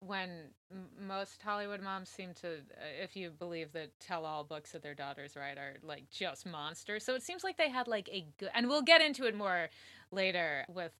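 A woman's voice: lowish voice, animated, normal speed, sharp tone, no echo. A woman co-hosting a casual true-crime podcast, chatty and laughing often, swearing freely. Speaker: podcast co-host.

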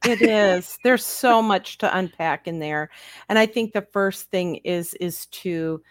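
A woman co-hosting a podcast in casual chat, speaking calmly and reassuringly. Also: medium pitch, slow, no room sound. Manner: calm and reassuring.

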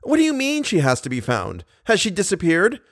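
A man reading an audiobook, voicing a flustered middle-aged opera manager who is excitable and exasperated. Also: a little fast, no room sound, clean studio sound, exaggerated voice. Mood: astonished. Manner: excitable, exasperated, high-pitched outbursts.

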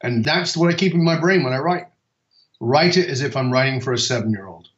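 A man's voice: mid-range voice, fairly quick. Middle-aged guy guest on a podcast, tells stories and does the back-and-forth voices, roomy dull audio. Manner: animated storyteller, acts out dialogue. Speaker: podcast guest, speaker and author. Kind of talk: storytelling interview talk.

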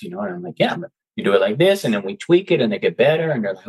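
A man's voice: fairly low pitch, expressive, rapid-fire, hardly any pauses, husky, rough recording. A man who is a guest coach on an interview show, speaking in casual chat and acting out his own quoted reactions. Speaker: guest, seller turned coach.

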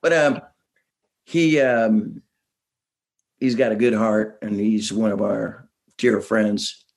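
A man's voice: on the low side, fairly even intonation, takes it slowly, a little mellow. A man, a musician guest, telling stories in a rambling way with many restarts and chuckles. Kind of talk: casual interview storytelling.

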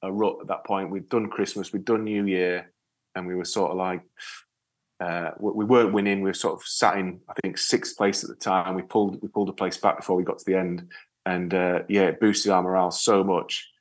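A man telling a story in a relaxed interview, rambling with many restarts and often trailing off quietly. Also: low-pitched, fairly quick. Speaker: podcast guest, ocean rower. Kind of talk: casual interview chat.

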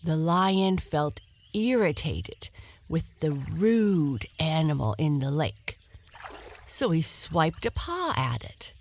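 Woman storyteller, bedtime, very slow, soft, lively melody. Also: low-pitched. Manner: soft, slow and lulling, dropping to a whisper.

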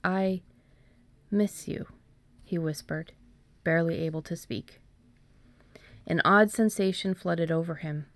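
A woman, an author, reading her own story aloud in a measured way and then chatting about it with hesitant fillers. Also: deep voice. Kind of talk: storybook narration, then casual chat.

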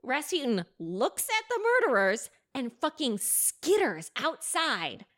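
Animated woman telling a story. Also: sits high. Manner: animated, laughing, acting out characters in quick asides. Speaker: podcast co-host telling a history story. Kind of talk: casual storytelling chat.

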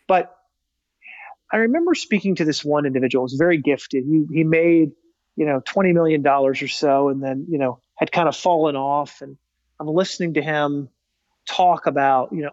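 Energetic man telling stories, slightly muffled. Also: a little high, a little fast, no room sound. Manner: energetic and emphatic, acting out quoted dialogue. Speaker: guest, speaker and author. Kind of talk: casual storytelling in a podcast interview.

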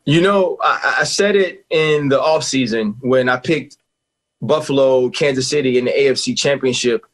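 A man in his forties talking sports on a radio show, emphatic and animated, laughing often. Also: mid-range voice, normal speed. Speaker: guest analyst, former player.

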